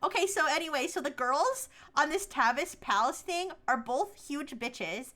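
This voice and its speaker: A woman VTuber streaming, chatting with AI voices in a brash, teasing way with loud outbursts. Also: high voice, lively intonation, moderate pace. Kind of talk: livestream chat with AI voices.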